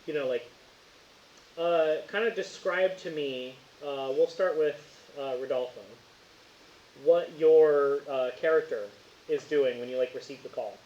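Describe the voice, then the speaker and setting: Brief: male game master, slightly high voice, rambling and casual, roomy lo-fi recording with faint hiss. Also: a little slow, darkish tone. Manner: rambling, filler-heavy, laughs often. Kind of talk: casual tabletop game narration.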